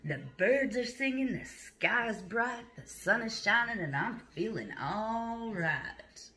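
Woman voices picture-book turtle, upset, slow and drawn out. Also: on the high side, expressive, bright, forceful tone, a little hiss or hum, full character voice. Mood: cheerful. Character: upset young turtle stuck on his back.

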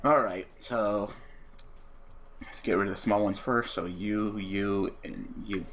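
A man's voice: on the low side, steady tone, slow, a bit bright, slight background noise. A young man casually commenting on his own card game duel, profane and rambling, breaking into angry rants and restarting his sentences. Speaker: gaming YouTuber.

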